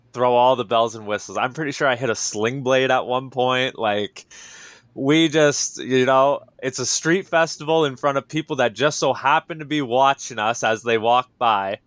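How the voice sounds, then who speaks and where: A man in a casual interview, telling his story with lively enthusiasm and frequent fillers. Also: medium pitch, unhurried, dry recording. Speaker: wrestler, interview guest.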